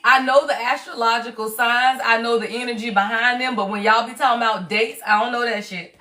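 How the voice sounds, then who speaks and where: A woman, hosting a casual live stream as a tarot reader, her voice strained and hoarse, chatty and playful with her viewers. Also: a little high, fairly even intonation, brisk, bright, forceful tone, poor audio.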